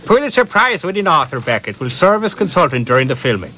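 A man's voice: a little high, sing-song, fast, bright, forceful tone, slight background noise. A man in an improvised radio comedy, reading a newspaper item aloud in a mock-earnest way.

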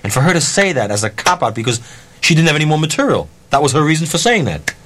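A man who ran concert halls telling a story in a blunt, profane, animated way, acting out his own ranting. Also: fairly high pitch, quick pace, slight background noise. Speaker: concert promoter. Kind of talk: anecdotal storytelling.

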